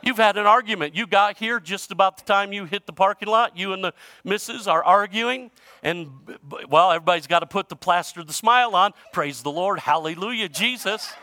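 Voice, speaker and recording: A male pastor delivers a sermon, spinning a humorous story in a bright, slightly high voice. He swings from loud, animated bursts to hushed, close asides. The sound is dry and close, with little room echo. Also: a little fast, few pauses.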